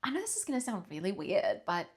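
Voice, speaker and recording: A woman's voice: mid-range voice, quick pace. A young woman co-hosting a podcast, telling a story in casual chat, acting out the voices of the people in it. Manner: animated, acts out quoted voices, swears casually. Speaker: podcast co-host.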